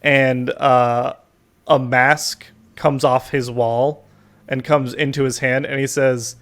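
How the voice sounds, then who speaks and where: A man narrating a tabletop game as game master, casual and halting with many fillers. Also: mid-range voice, little pitch movement, fairly bright tone.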